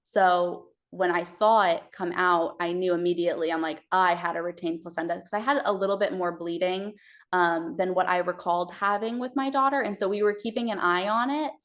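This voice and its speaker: A woman's voice: lowish voice, fairly even intonation, moderate pace, a bit bright. A young woman from Texas, a podcast guest telling her birth story, with many hesitant fillers.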